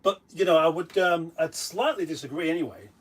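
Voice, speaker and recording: Man, husky voice, fairly high pitch, teasing, rambling explanations, casual co-host. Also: animated, a little fast. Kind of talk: casual live-stream chat.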